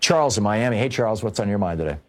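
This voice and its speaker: A man's voice: on the low side, expressive, a little mellow. A man hosting a political call-in radio show, sarcastic about the news and then earnest and alarmed, often restarting his sentences. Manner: halting, with repeated restarts. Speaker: radio talk show host.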